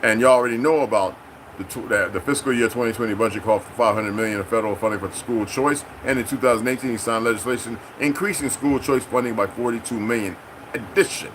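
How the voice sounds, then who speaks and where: A middle-aged man with a medium-pitched voice talks fast in an unscripted political rant on his own channel. Profane and confrontational, he imitates other people in quoted exchanges, over a noisy background.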